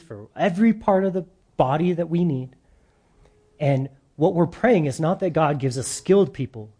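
Animated male pastor with a mellow voice. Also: a little high. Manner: animated, drops to soft emphasis at phrase ends. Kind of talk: sermon.

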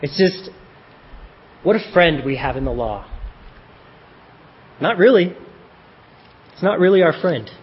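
Preacher guy, chatty sermon, kinda husky voice, muffled lo-fi audio. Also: on the high side, expressive, unhurried, pauses often. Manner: conversational, self-deprecating, with joking asides.

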